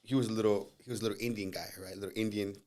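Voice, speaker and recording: A man guest on a podcast, telling rough street stories in a casual, profane, animated way and acting out the voices of the people in them. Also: on the low side, very fast. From Southern California. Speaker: podcast guest, jiu-jitsu instructor. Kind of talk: casual storytelling. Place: podcast studio.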